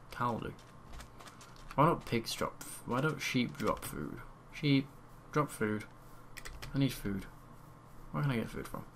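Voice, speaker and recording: Gravelly young man narrating gameplay. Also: medium pitch, slight background noise. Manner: chatty, mutters and repeats words while playing. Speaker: let's play gamer. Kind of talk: casual gameplay commentary. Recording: home mic with loud keyboard typing. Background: keyboard typing.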